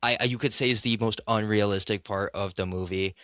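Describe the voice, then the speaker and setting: A man speaking as a guest filmmaker in a casual film discussion, excitable and rambling, with many restarts and fillers. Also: on the low side, brisk, no room sound, clean studio sound.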